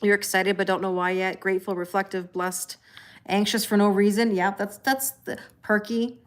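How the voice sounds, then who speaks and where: A woman's voice: medium pitch, flat delivery, normal speed. Middle-aged woman, tarot live-stream host, casual chat with viewers, laughs often. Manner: chatty, greets viewers by name, laughs often. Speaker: tarot reader livestream host.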